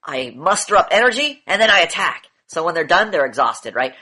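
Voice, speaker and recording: A man's voice: on the high side, very animated, brisk, sharp tone, slightly rough. A man coaching a group in an online session, lecturing bluntly, repeating key phrases and swearing now and then. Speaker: demand training coach.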